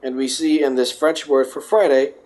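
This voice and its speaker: Wry man reading aloud haltingly. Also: medium pitch, fairly even intonation, darkish tone. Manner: stumbling, self-correcting reader with wry asides. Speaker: vlogger. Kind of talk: casual reading aloud with joking asides.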